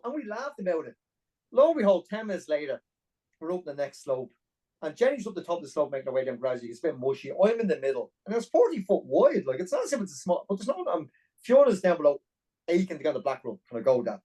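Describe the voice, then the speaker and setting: A middle-aged Irish man telling a long personal story as a podcast guest, animated and full of detail. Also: high voice, rough recording. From Ireland. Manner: animated, fast-paced anecdotal storytelling. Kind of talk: storytelling interview.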